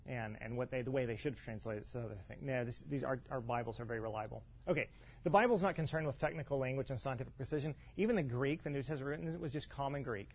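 A pastor teaching a congregation in a loose, conversational way, full of fillers, restarts and rhetorical asides. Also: male voice, mid-range voice, fast talker. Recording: dull lo-fi sound.

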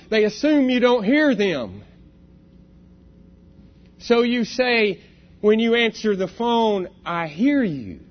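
Earnest high-voiced man preaching. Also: dull audio. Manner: earnest, reflective, asks rhetorical questions. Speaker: church elder preaching. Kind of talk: sermon.

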